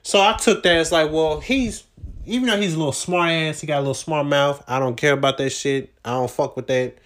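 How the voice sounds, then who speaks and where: A man's voice: fairly high pitch, a little fast, a bit bright. Man rambling slangy on a cheap mic. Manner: profane, loose slangy talk with many fillers. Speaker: vlogger recounting his job search. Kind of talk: casual rambling storytelling. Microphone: no proper microphone.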